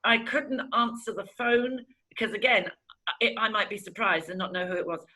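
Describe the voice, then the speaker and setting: A woman's voice: mid-range voice, normal speed, bright, forceful tone, rough recording. A middle-aged woman giving a candid, emotional personal testimony in an interview, acting out past conversations as she tells them.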